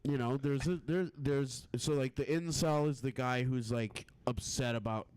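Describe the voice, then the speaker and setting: A man's voice: mid-range voice, moderate pace, darkish tone, a little hiss or hum. A man chatting on a comedy podcast, hesitant and self-deprecating about himself. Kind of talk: casual comedy podcast chat.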